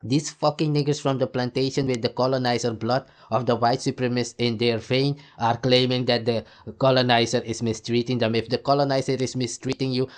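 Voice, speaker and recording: A male commentator delivering a heated, profane rant between clips, firing off repeated rhetorical questions. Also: medium pitch. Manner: angry, repetitive rhetorical questions.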